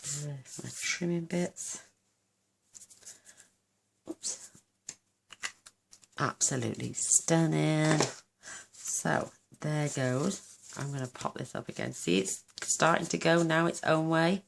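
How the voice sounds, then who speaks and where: Gravelly, gushing woman crafter. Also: deep voice, slow, long pauses, a little hiss or hum. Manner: chatty and gushing, thinking aloud while working. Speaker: craft channel host. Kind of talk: casual card-making tutorial.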